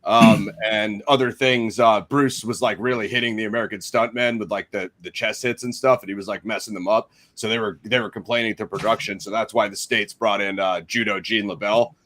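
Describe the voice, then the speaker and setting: A man's voice: lowish voice, fairly even intonation, fairly quick, hardly any pauses, fairly bright tone. Laid-back slangy man chatting films. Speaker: podcast host. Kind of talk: casual chat, film review.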